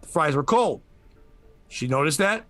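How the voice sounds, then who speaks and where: A man with a slightly high voice tells a news story for laughs, swearing freely and acting out the people in it. The sound is dry and close, with no room around it. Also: expressive, a little slow, bright, forceful tone, no room sound, soft background music. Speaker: podcast host. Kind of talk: comedic news commentary.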